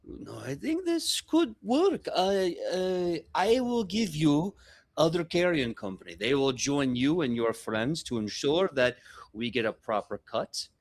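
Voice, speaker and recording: A man's voice: fairly high pitch, very animated, a little slow, voice pushed up, heavily acted. A man putting on a sly, greedy goblin boss. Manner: wheedling, persuasive. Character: scheming greedy male goblin gang boss.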